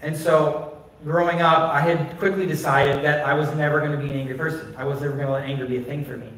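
A man's voice: fairly high pitch, flat delivery, fast, a bit bright, slight background noise. Man pastor preaching far off in a very echoey sanctuary. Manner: candid, conversational, many "like" fillers. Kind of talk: personal storytelling sermon. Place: church sanctuary. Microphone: phone recording from a distance. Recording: distant, very echoey phone stream of a church.

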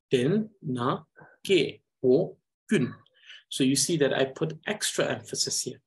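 Slow, patient Tibetan-accented male teacher. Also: on the high side, a bit bright. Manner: patient, repeats syllables slowly for students to follow. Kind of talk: reading lesson with repeated drills.

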